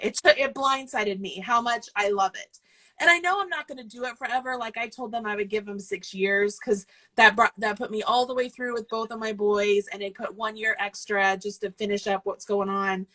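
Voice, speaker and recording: A woman's voice: a little high, fairly quick, sharp tone, rough recording. A woman in her forties, a coach and business owner, chatting casually and getting tearful as she rambles. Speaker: guest host, yarn business owner and throwing coach. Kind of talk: casual video chat.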